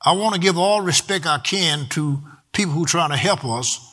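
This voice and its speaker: A man delivers a sermon in a high, ringing voice. His cadence is rhythmic, sliding at times into half-song, and he slows down to stretch out important words. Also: lively intonation, pushed and bright. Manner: rhythmic preaching, sometimes half-sung, stretched words for emphasis. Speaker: preacher.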